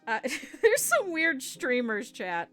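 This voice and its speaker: A woman's voice: sits high, huge pitch swings, slow pace, a bit bright, soft background music. A woman streamer chatting casually with her viewers while she sews, with laughing asides. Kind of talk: casual livestream chat while sewing.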